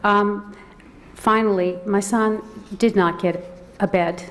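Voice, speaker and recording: A middle-aged woman, a mother and advocate, giving public comment at a county board meeting, emotional and close to tears, halting and repeating words. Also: medium pitch, steady tone. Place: large council chamber. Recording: long hall reverb, faint noise.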